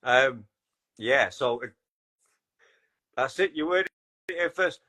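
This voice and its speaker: A man's voice: medium pitch, lively intonation, takes it slowly, pushed and bright. A man hosting a podcast, asking questions hesitantly with lots of fillers and laughter. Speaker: podcast host. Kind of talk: casual podcast chat.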